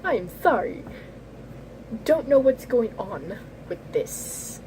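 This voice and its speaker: A woman's voice: on the high side, sing-song, slow pace, warm tone, slight background noise, low-quality recording. Giggly woman making self-mocking asides. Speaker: gaming YouTuber. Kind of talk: casual commentary while reading a game.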